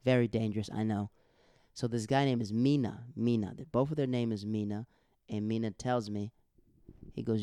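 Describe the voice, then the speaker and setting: A young man rambling through a casual monologue, acting out the people in his stories. His voice is smooth and resonant, recorded close and dry with no room sound. He talks in loose runs with restarts. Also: on the low side, brisk, no echo. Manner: rambling, animated storytelling with quoted voices.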